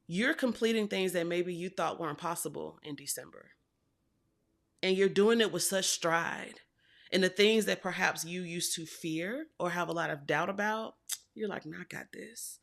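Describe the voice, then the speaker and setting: A woman's voice: on the low side, moderate pace, gravelly. A woman doing a casual tarot reading for viewers, chatty and affectionate, repeating phrases for emphasis. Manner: chatty and affectionate, addresses viewers as y'all and baby. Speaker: tarot reader.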